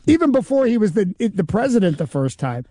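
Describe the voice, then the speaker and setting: Mellow-voiced male impersonator telling stories. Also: sits high, fairly quick, dry recording, clean studio sound. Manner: animated anecdotal storytelling, acts out quoted voices. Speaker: guest, impersonator and comedian. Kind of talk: interview storytelling.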